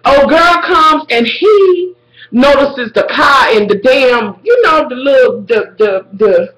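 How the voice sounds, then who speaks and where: Animated woman recapping a show, bright voice. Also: high-pitched, slow pace, roomy sound, poor audio. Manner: animated, profane, talks straight to viewers. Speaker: vlogger recapping a TV episode. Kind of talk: casual TV episode recap.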